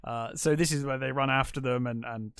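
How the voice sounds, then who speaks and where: A man co-hosting a film podcast, recapping scenes in a relaxed way with fillers and chuckles. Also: medium pitch, a little fast, clean tone, no room sound, studio quality. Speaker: podcast co-host. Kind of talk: casual film chat.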